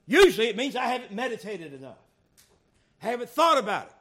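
Preacher guy, high lively voice swinging loud to soft, church sermon. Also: a little fast. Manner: animated, swings from soft asides to loud emphatic calls.

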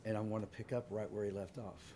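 A man preaching a sermon, emotional and fighting back tears at times, reading scripture in a measured cadence and building to fervent emphasis. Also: fairly low pitch, fairly even intonation, dark tone, slight background noise.

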